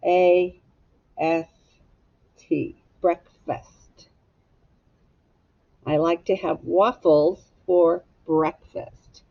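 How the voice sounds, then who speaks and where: Slow, patient woman teaching phonics. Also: lowish voice, lo-fi sound. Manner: slow, patient spelling out letter by letter; gently encouraging. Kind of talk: recorded phonics lesson for children.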